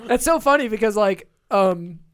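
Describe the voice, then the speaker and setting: A woman chats casually on a podcast with a smooth, clear voice. She tells her stories with energy and keeps breaking into little impressions. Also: mid-range voice. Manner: animated storyteller, quick to act out voices. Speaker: podcast co-host. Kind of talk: casual chat.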